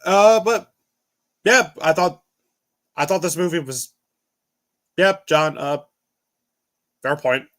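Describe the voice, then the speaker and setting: A man's voice: on the high side, expressive, slow pace, pauses often, fairly bright tone. A tired man giving a casual movie review on a panel, rambling and restarting his sentences. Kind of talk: casual chat.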